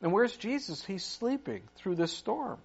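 Higher-voiced male pastor, dull lo-fi sound. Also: lively intonation, measured pace, vocal fry. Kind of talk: sermon.

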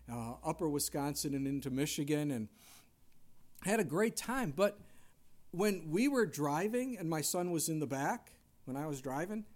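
A middle-aged man preaching a conversational sermon, dropping to hushed tones and rising into loud dramatic quotes. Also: on the high side. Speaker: pastor.

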